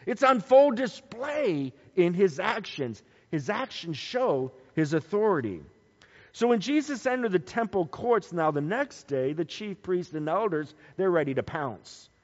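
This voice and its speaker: A man preaching a Bible teaching sermon, animated, swinging between loud emphasis and quiet low asides. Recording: dull sound with long hall reverb.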